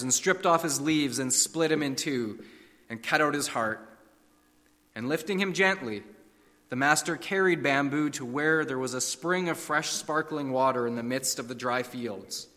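A man's voice: a little high, moderate pace, bright, forceful tone, long reverb tail. A man preaching a sermon, telling stories and fables with a dramatic, varied delivery. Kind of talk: sermon with storytelling.

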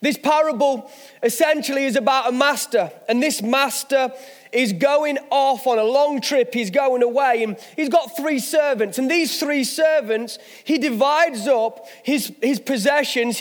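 High-voiced pastor preaching. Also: male voice, a little slow, long reverb tail. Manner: storytelling, self-mocking humor. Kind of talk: sermon. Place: church hall.

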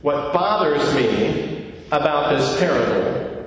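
A man's voice: high voice, measured pace. A male pastor preaching a sermon in a church, putting questions to the congregation and joking at his own expense. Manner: questions the congregation directly, self-deprecating humor. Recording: echoey church hall, miked from far off.

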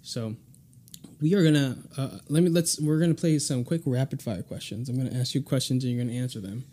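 Male podcast host, mid-range voice, casual quick-fire questioning, laughs a lot. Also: mid-range voice, mellow. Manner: laughs often, stumbles and restarts.

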